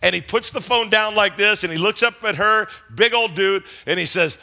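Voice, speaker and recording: High-pitched gravelly pastor. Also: male voice, normal speed, few pauses. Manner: animated, acts out scenes and voices. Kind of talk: sermon with storytelling.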